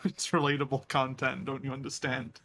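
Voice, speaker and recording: A man's voice: mid-range voice, level tone, brisk, sharp tone, soft background music. A man chatting with friends on a call, giggling and repeating a joke. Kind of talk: casual chat on a voice call.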